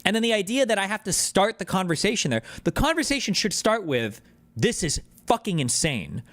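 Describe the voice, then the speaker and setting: A man's voice: high voice, very animated, fast talker, fairly bright tone. A man in his thirties streaming political reaction commentary, ranting in a heated, profane and exasperated way.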